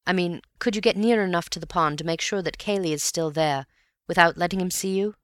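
A woman reader voicing a calm, mysterious young man playing detective, measured and wry, quietly probing. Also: lowish voice, dry recording, clean studio sound, natural voice.

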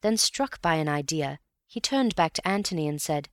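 A woman narrating a classic mystery novel in a measured, steady storytelling manner. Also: low-pitched, no echo, clean studio sound.

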